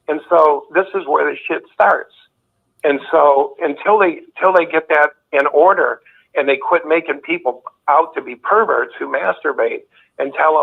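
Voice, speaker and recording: A man's voice: mid-range voice, vocal fry. A man calling in to a talk show, telling rambling stories with restarts. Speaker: caller. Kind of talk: casual chat. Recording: tinny phone line.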